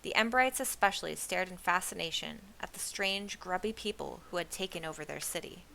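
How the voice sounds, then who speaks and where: A woman reading a children's novel aloud in an expressive storybook style. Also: fairly low pitch, a little fast, gravelly, slight background noise. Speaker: reader of a children's book.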